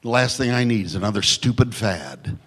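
A male pastor preaching a sermon, swinging from shouted lines to hushed near-whispers with joking asides. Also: on the low side, animated, moderate pace, long reverb tail.

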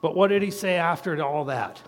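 Middle-aged male preacher, high voice, folksy and chuckling, long hall reverb. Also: normal speed. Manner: folksy, chuckles between points. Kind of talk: sermon.

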